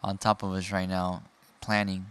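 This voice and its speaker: A man's voice: low voice, level tone, moderate pace, fairly bright tone. A man co-hosting a podcast in casual chat, rambling and playful as he tells stories. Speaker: podcast co-host.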